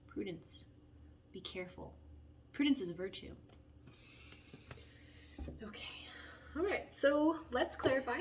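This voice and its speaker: A young woman giving a casual, playful tarot reading, chatty and animated as she talks through the cards. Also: fairly high pitch, a little hiss or hum. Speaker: tarot reader.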